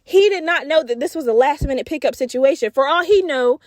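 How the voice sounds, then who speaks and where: A young woman hosting a podcast, telling a story in a loud, profane, animated casual way straight to her listeners. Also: sits high, a little fast, dry recording, studio quality. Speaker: podcast host. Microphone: podcast mic.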